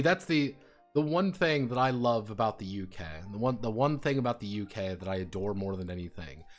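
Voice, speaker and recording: A man streaming live, chatting casually and ranting with lots of swearing and jokes. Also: medium pitch. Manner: profane, ranting, jokey.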